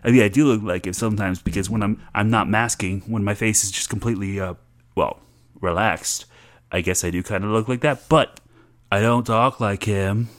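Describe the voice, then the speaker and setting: A man's voice: on the low side, fairly even intonation, fairly quick. Man rapping and chatting casually. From Florida. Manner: rhymes loosely, laughs and trails off. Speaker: contributor rapping about his day. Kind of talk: casual rap and chat.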